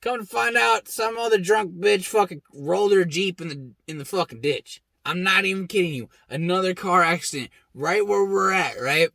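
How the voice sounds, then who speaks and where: A young man with a high, bright, edgy voice tells a wild story straight to the listener. He's blunt and swears constantly, and he jumps into the quoted lines with sudden shouts. The sound is dry and close. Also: moderate pace, gravelly, few pauses, no echo. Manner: blunt, heavily profane, animated. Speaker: host. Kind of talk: casual storytelling monologue.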